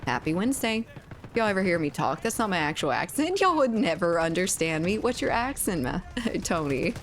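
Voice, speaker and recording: Low-voiced Cajun woman streamer. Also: animated, normal speed, slight background noise. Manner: rambling, laughing, swears casually. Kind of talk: casual chat while gaming.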